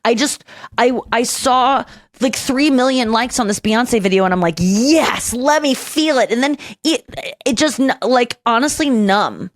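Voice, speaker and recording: A woman's voice: a little high, moderate pace, dry recording. A young adult woman hosting a podcast, telling emotional stories in a rambling, casual way. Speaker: podcast host. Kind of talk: casual chat.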